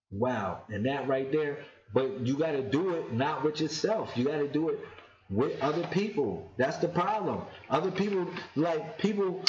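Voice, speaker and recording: A man giving a casual spiritual talk on his vlog, slowly chanting sacred names and speaking with excited emphasis. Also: a little high. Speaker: vlogger. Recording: echoey, dull lo-fi room sound.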